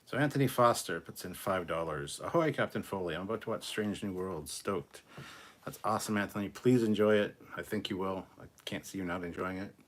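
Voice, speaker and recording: A man with a deep, low voice hosts a casual live stream, reading out viewer messages one by one. He talks in a loose, rambling way, with plenty of fillers and restarts. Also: brisk. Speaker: host reading super chats.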